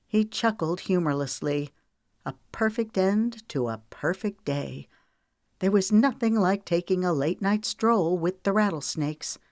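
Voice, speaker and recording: A woman author narrating her own historical novel in a measured, dramatic reading. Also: lowish voice, a little mellow, dry recording, studio quality. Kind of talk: audiobook narration.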